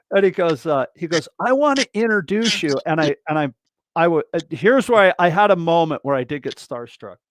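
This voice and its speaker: A man's voice: on the high side, fairly quick. A man, a guest drummer, telling stories in a casual interview, rambling and acting out other people's lines. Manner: animated, acts out other people's lines in a raised voice; rambling, many restarts and fillers. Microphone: video call livestream mic.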